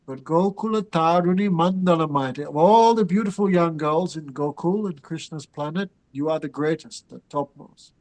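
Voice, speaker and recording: A man's voice: high-pitched, low-quality recording. Man teaching a scripture class. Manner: chants Sanskrit and Bengali verses, then explains them with asides to students. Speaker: spiritual teacher.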